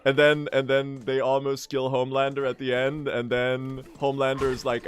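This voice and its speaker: A man's voice: mid-range voice, steady tone, measured pace, faint music behind. A young man streaming a game speedrun, chatting casually in a rambling, self-deprecating way and laughing often.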